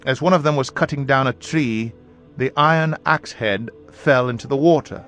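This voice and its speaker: A man reading scripture aloud in a measured, even voice. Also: mid-range voice. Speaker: Bible reader. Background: faint background music.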